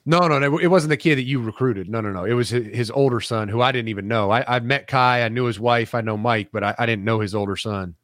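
Thirties male ex-coach guest; mid-pitched, plain-spoken, dry and salty. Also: fast, few pauses, a bit bright, no room sound. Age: 30s. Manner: blunt, profane, dry. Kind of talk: casual streamed chat.

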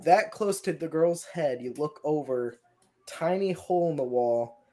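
A man's voice: fairly high pitch, a little slow, warm tone. Rambling man telling paranormal stories. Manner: loose and rambling, with many fillers and restarts. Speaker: paranormal investigator guest. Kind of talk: casual storytelling.

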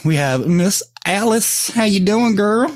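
A man's voice: sits high, expressive, measured pace, no echo, clean studio sound. A male podcast host in casual chat, swearing freely, laughing often and rambling through stories.

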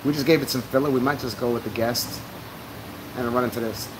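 A man's voice: medium pitch, steady tone, brisk, background noise. A man co-hosting a podcast, rambling through casual talk with restarts and laughs. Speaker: podcast co-host. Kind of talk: casual chat.

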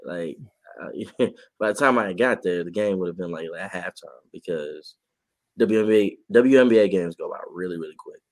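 Man, very low voice, dry close recording, casual podcast chat, animated and laughing. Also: normal speed, no room sound. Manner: animated, ranting, laughing often. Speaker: podcast co-host and sports reporter. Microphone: podcast mic.

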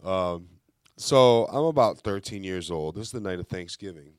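A young man casually telling a childhood story to friends on a podcast, animated and laughing through the punchlines. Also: low-pitched, moderate pace, smooth, dry recording, clean studio sound.

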